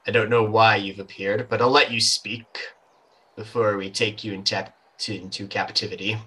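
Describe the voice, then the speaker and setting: A stern male dictator, as a man puts him on, stiff and commanding as he addresses an intruder. The voice is bright and clear, with an everyday pitch. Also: little pitch movement, normal speed, low-quality recording.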